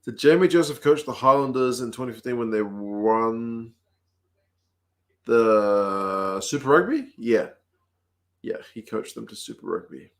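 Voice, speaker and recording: Easygoing New Zealand man chatting. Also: mid-range voice. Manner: relaxed, chatty, answers viewer questions aloud. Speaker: livestream host. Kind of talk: casual chat reading comments.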